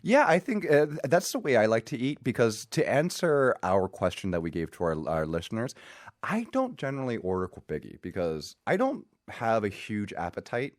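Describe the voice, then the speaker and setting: A man hosting a casual radio chat, explaining food in a relaxed way with many fillers. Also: mid-range voice, moderate pace, no room sound, clean studio sound. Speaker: radio host.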